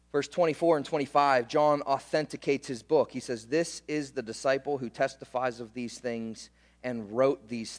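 A man's voice: mid-range voice, big-room sound. A male pastor preaching a sermon in a conversational, emphatic way, often repeating words and returning to short refrains.

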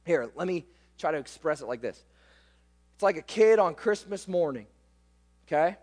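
A man's voice: a little high, animated, moderate pace, darkish tone. A man preaching a sermon, emphatic and full of rhetorical questions to his listeners. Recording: long hall reverb.

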